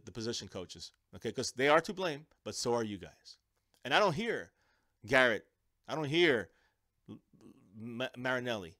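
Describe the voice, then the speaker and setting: A man's voice: mid-range voice, no room sound. Ranting male sports fan host, dry sound. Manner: animated, ranting, repeats and restarts words. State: under the weather. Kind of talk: live-stream sports rant.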